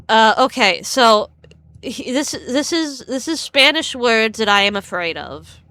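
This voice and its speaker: Bright, laughing woman streamer. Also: a little high, lively intonation, takes it slowly, no room sound, studio quality. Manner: rambling, stammering, laughs a lot. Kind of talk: casual live-stream chat.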